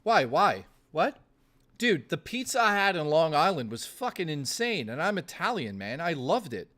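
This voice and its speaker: A man's voice: on the high side, very animated, moderate pace, bright, forceful tone. A man streaming live, chatting casually with his viewers in a blustery, profane rant. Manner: profane, blustery ranting to chat.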